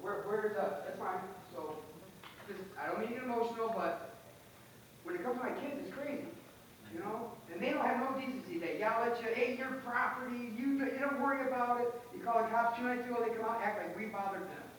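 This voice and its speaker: A man's voice: high-pitched, a little fast. A man speaking as a resident at public comment in a council meeting, agitated and emotional, restarting his sentences. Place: council chamber. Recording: far-off mic in an echoey chamber, faint noise.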